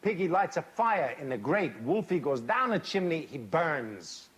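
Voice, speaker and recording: A man giving a comic fairy-tale reading to a live audience, deadpan, with odd pauses and dry asides. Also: on the high side, a little hiss or hum. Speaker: storyteller. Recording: live stage reading, loud audience laughter.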